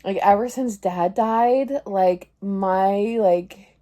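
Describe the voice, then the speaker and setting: A thirties woman speaks very slowly in a warm, mid-range voice during a casual confessional vlog. She rambles, fills gaps with "like," and laughs through her embarrassment.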